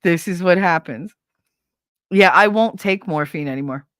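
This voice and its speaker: A woman with a fairly low voice chats from her home streaming setup, rambling through animated stories. She swears freely and laughs often. The sound is close and dry. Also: normal speed, dry recording. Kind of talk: casual storytelling chat.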